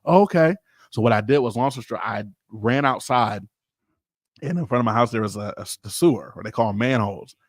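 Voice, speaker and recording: A man and pastor telling a personal story casually, animated and informal, acting out the people he quotes. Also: lowish voice, brisk, no echo, clean studio sound.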